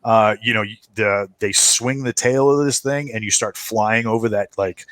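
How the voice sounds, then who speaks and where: Low-voiced man narrating as game master. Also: a bit bright, no room sound. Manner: halting, many fillers and restarts.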